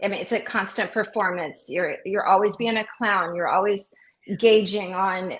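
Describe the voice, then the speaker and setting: A woman's voice: mid-range voice, moderate pace, poor audio. A middle-aged woman, an opera singer and music teacher, chatting as an interview guest and acting out what children say. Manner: animated storyteller, acts out voices of kids. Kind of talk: casual interview chat.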